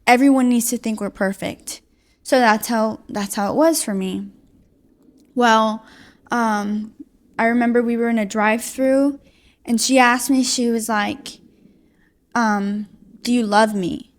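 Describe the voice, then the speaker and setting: A young woman in her late teens giving a personal testimony as a guest, talking in a halting, casual way full of "like". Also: a little high, fairly even intonation.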